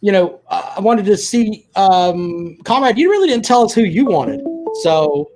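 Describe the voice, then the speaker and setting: A man's voice: high voice, very animated, unhurried, over music. A man hosting a live call-in sports show, loose and hesitant with many fillers. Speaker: show host taking calls.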